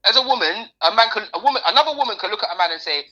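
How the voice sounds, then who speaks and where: A woman's voice: medium pitch, animated, very fast, bright, forceful tone, dull audio. A woman co-hosting a podcast, chatting casually in slang and repeating words. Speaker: podcast co-host. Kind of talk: casual chat.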